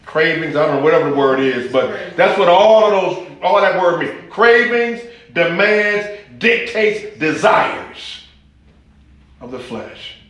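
A man delivers a sermon in a folksy, joking pastor's voice that sits a little high. His pitch swings widely as he rises into exclamations. The sound bounces around an echoey room. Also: takes it slowly. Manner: animated, folksy and humorous, with rising exclamations.

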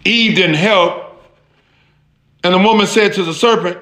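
A man preaching a lively sermon, talking straight to his listeners in a casual, conversational way. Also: high-pitched, normal speed, pauses often, reverberant. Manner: animated, conversational, addresses listeners directly.

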